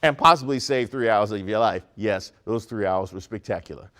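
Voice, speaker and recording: A man's voice: on the low side, normal speed, a bit bright. A man from Maryland hosting a comedic news segment, delivering wry, sarcastic commentary. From Prince George's County, Maryland, US.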